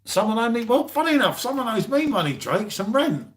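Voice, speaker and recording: A man's voice: very high-pitched, big pitch swings, a little fast. A man co-hosting a live beer stream, joking and bantering and calling everyone mate. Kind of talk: casual chat.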